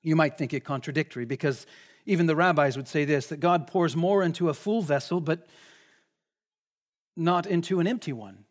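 A man's voice: fairly high pitch, normal speed. A man preaching a sermon in a conversational way, often asking the listeners questions. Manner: conversational, asks the congregation questions.

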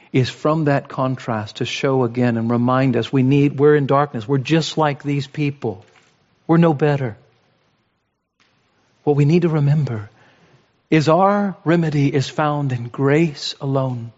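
In a large hall, a man preaches an emphatic sermon at an unhurried pace, captured on a muffled recording. He repeats phrases for emphasis and swings between raised exhortation and low, quiet lines.

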